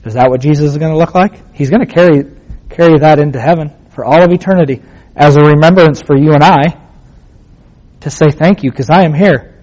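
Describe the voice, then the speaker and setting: A man with a somewhat high voice teaches scripture in a casual sermon. He talks plainly, like he's chatting with friends, but keeps asking questions and repeating his key points for emphasis. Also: brisk, darkish tone, muffled recording. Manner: rhetorical questions and emphatic repetition; plain conversational phrasing. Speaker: Bible teacher.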